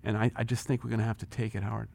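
Racing along in a low, gravelly voice, a former company chief in his sixties shares a lively personal story as an interview guest. He performs the dialogue he quotes, and excitement makes him repeat words.

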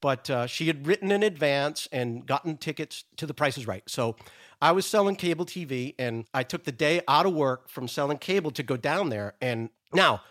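A man's voice: a little high, expressive, moderate pace, fairly bright tone. A middle-aged man from Rhode Island, telling stories as a guest in casual chat. He acts out the people in his stories and laughs often while he talks. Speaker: podcast guest. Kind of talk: casual storytelling.

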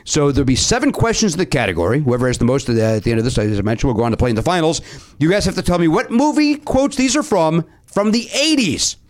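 A man hosting a comedy podcast game show, throwing in quick, self-mocking quips as he runs the rounds. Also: a little high, very animated.

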